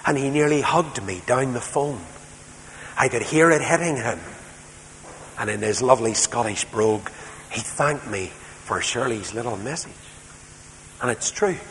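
A man's voice: mid-range voice, unhurried, long pauses. Storytelling male preacher in a reverberant hall. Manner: storytelling, swings between soft and loud emphatic passages. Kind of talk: sermon. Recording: reverberant hall, faint background noise.

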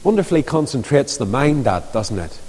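A man preaching a sermon, telling stories with lively emphasis. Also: medium pitch, normal speed, husky. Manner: storytelling, animated, rising and falling emphasis. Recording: long reverb of a large hall.

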